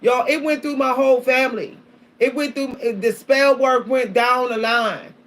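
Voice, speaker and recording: A woman's voice: high-pitched, fairly even intonation, moderate pace, a bit bright. A woman vlogger talking casually and animatedly to her viewers, often repeating herself, calling out to them and laughing between points. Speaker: spiritual vlogger.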